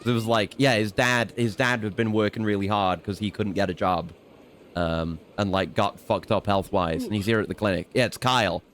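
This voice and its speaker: A man's voice: on the low side, fairly even intonation, normal speed, a bit bright, slight background noise. Rambling man narrating his gameplay. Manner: rambling, swears casually, self-mocking. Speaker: streamer. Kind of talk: casual let's-play commentary.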